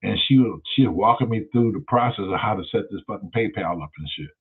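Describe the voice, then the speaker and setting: A man's voice: fairly low pitch, fast talker, breathy edge. A man, hosting and telling a story casually, profane and emphatic. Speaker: host. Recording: tinny phone-like sound.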